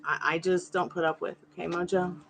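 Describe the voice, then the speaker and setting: A tarot reader hosting a live stream, speaking straight to the chat in a bright, sharp-edged voice. The talk is casual and personal, with viewers addressed by name, and stays polite while holding a firm line. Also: mid-range voice, flat delivery, a little fast, gravelly, slight background noise.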